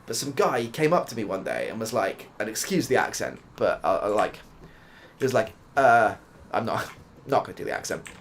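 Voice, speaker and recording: A man's voice: fairly low pitch, big pitch swings, moderate pace, slight background noise. A young British man casually chatting and rambling through a story while playing a game, swearing now and then. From United Kingdom. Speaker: ASMR gaming streamer. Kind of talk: soft-spoken gameplay chat.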